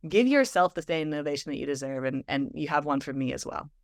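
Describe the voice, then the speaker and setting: A woman guest telling a story in conversation, animated and full of filler words. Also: sits low, fast talker, gravelly, no echo, clean studio sound. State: emotional, near tears. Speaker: guest, stress physiologist and speaker.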